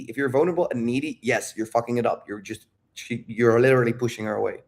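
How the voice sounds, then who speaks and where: A man's voice: medium pitch, fast talker, vocal fry, few pauses. A man talking candidly about dating and his emotions, rambling and calling the listener "dude". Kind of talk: casual talk.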